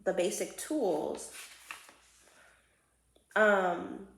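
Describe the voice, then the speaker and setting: Earnest woman with a gravelly voice. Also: mid-range voice, steady tone, very slow, a little hiss or hum. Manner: earnest and heartfelt. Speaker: vlogger. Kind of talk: personal reflective vlog, reading aloud. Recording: echoey room.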